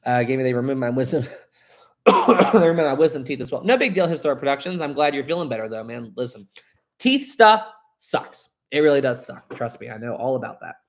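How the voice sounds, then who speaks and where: A man's voice: medium pitch, expressive, fast. A young man hosting a casual live stream, reading viewer comments aloud and rambling chattily with frequent laughs.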